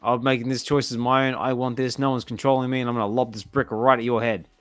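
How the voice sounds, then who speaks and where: A man's voice: medium pitch, level tone, fast talker, dry recording, faint music behind, lightly acted. A man playing a defiant young man tied up by a villain, speaking emphatically in a comic reading.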